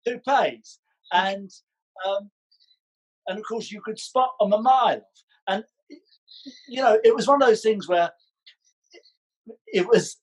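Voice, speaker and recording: Chatty man, husky voice. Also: high-pitched, rough recording. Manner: chatty, animated storyteller, playful. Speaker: podcast guest, ballroom dancer. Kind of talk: casual chat.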